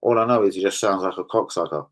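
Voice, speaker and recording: Speaking fast in a low-sitting voice, a man with a London accent hosts a casual stream, swearing freely as he bluntly chats with viewers. The recording quality is low.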